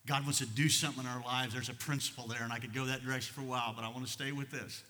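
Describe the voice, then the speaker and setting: A middle-aged American man preaching a sermon as pastor, swinging between loud fervent passages and quiet low asides. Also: steady tone, very fast. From United States. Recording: long reverb of a large hall.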